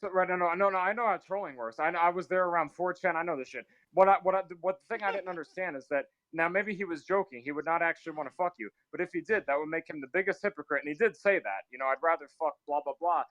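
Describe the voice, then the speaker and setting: A man with a high, bright, edgy voice rants fast and furiously, hurling profanity and then dropping suddenly quiet. The sound is close and dry, with no room around it. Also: no echo, muffled recording. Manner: aggressive, profane, ranting with sudden drops to quiet. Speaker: guest on a live call-in stream. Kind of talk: heated live-stream argument.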